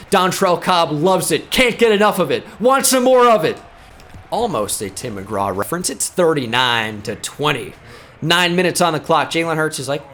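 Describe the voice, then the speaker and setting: A man hosting a gaming video, joking and commentating on his gameplay, shouting out big plays. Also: fairly high pitch, slight background noise. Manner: excitable, jokey, breaks into shouted play-calls.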